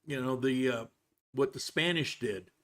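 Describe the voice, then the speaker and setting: A little slow in delivery, a middle-pitched man hosts a casual livestream from home in Colombia. He meanders between ideas, restarts sentences often, and occasionally eats while speaking.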